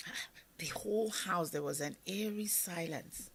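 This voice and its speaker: A middle-aged Nigerian woman with a Nigerian accent, telling a personal story as an interview guest, animated and acting out voices, sometimes dropping to a whisper. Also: on the low side, measured pace, gravelly, breathy edge. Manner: animated, acts out quoted voices, drops to whispers.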